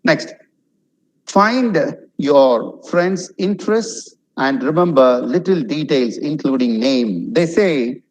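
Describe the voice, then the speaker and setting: Middle-aged man lecturing casually at a lively pitch. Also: slow, low-quality recording. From India. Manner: conversational, with many "you know" fillers and acted examples. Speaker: webinar speaker on communication. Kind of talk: lecture on social skills.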